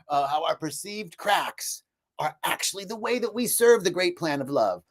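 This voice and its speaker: A man hosting an inspirational live talk, telling stories in an animated way and laughing easily. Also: high voice, normal speed. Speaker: host.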